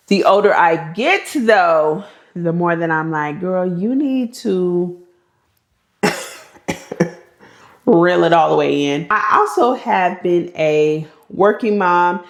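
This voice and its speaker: A woman's voice: low-pitched, gravelly, roomy sound. A woman in her thirties chatting in a casual get-to-know-me vlog, talking freely and laughing often. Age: 30s. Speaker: lifestyle vlogger.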